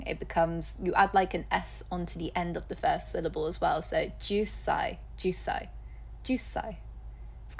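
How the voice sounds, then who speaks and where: Woman doing an online language lesson, mid voice, casual, chatty. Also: mid-range voice. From England. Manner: chatty and upbeat, laughs at her own slips. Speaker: Japanese language teacher.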